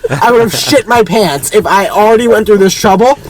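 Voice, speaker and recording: Young guy with a high voice spinning an exasperated, animated rant. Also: brisk, a crowd in the background, rough recording. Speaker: storyteller in reacted video. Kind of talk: casual storytelling.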